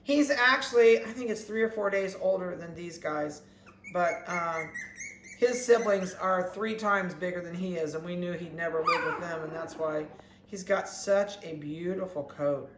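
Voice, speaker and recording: A dog breeder chatting casually while weighing and collaring puppies, talking softly and coaxingly to them. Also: mid-range voice, normal speed. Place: indoor kennel room. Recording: echoey room with faint background noise.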